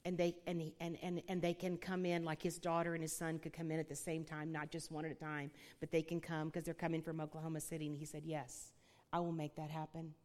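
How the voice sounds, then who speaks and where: A woman telling a personal faith testimony, animated and quick to laugh, talking straight to the listeners. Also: low voice. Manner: animated storyteller who laughs often and addresses listeners as y'all. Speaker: guest speaker sharing a testimony. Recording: long hall reverb.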